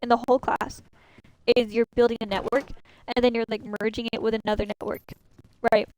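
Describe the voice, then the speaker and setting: A young woman talks through a gaming stream, retelling a frustrating story in an animated, chatty way and quoting people as she goes. Her voice sits a little high for a woman. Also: a little fast, background noise. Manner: chatty, venting, animated retelling with quoted dialogue.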